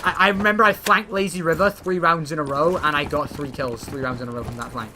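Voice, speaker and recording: A young man with a fairly high voice tells gaming stories in an excitable, swearing rush. Loud background noise and game gunfire sit behind him on the recording. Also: fast. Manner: excitable storyteller, swears freely. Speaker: channel host. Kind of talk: casual gaming chat.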